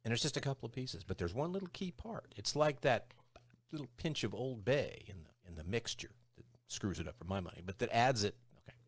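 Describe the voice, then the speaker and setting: A man's voice: medium pitch, a little fast, husky, dry recording. A man in his sixties co-hosting a talk show, telling jokey stories in casual chat. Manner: animated, jokey storyteller who slips into impressions.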